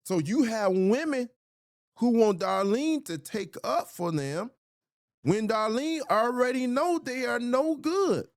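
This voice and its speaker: A man's voice: very high voice, animated, takes it slowly, dry recording, clean studio sound. Blunt male commentator with a swooping delivery. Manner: blunt, provocative, emphatic. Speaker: host. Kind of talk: reaction commentary.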